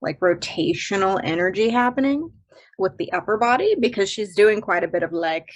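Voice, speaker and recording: A woman's voice: mid-range voice, expressive, moderate pace, muffled recording. A woman co-hosting a dance podcast, chatting about technique, laughing easily and searching for words. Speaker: dance instructor co-host. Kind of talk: casual technical chat.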